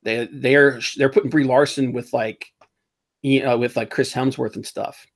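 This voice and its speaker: A man hosting a casual pop-culture podcast, rambling and animated, often laughing as he mocks what he talks about. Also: medium pitch, moderate pace. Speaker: podcast host.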